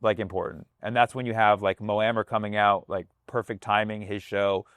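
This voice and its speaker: A man's voice: lowish voice, little pitch movement, a little fast, a bit bright, no echo. A man, a comedian, talking casually on a podcast, loose and profane, slipping into voices to act out other people. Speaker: comedian guest.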